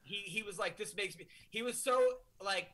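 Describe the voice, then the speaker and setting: Man, guest comedian, casual chat, halting repeated words, high pitch, bright tone.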